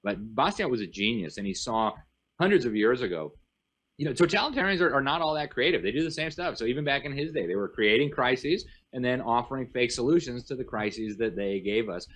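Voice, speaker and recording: A man's voice: mid-range voice, expressive, fairly quick, fairly bright tone. A man speaking as a guest commentator in an interview, emphatic and rattling off long lists. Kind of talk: animated interview talk.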